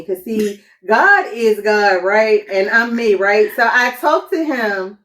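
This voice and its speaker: A woman telling a personal story in a casual testimony chat, animated and acting out quotes. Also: on the high side, a little slow, few pauses, recorded from a distance.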